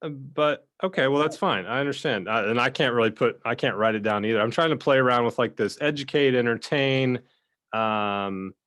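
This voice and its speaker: A man's voice: mid-range voice, moderate pace, a bit bright. Man, talkative co-host, rambling casual chat, mid-range voice. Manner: rambling, talkative, self-described blabbermouth. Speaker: podcast co-host.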